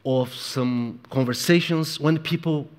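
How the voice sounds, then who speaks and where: A man preaching a sermon in an emphatic, repetitive way, moving between hushed and loud delivery. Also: medium pitch, unhurried. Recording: echoey hall with long reverb.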